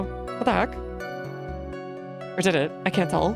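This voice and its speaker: A woman's voice: lowish voice, measured pace, vocal fry. A woman from New Jersey chatting casually while streaming a game, rambling with lots of "like" and "uh". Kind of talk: casual gaming commentary. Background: game music.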